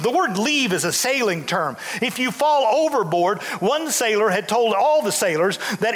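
A man in his sixties preaching a sermon as pastor, animated and full of restarts. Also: high voice, moderate pace, in a large hall. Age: 60s. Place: church sanctuary.

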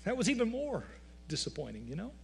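A man's voice: high-pitched, wildly swooping pitch, quick pace, vocal fry, darkish tone, breathy edge. A male pastor preaching a sermon, telling folksy stories with humor.

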